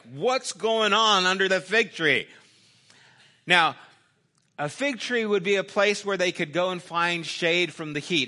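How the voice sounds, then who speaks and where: A middle-aged man preaching a sermon in a conversational way, swinging from loud emphasis down to quiet, intimate asides. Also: high-pitched. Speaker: pastor.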